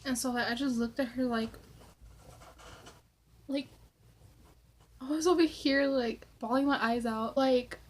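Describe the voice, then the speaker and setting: A woman's voice: high-pitched, fairly even intonation, measured pace, long pauses. A young woman vlogger answering Q&A questions and rambling through a story, filling her talk with "like" and swearing casually. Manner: chatty, rambling, lots of "like".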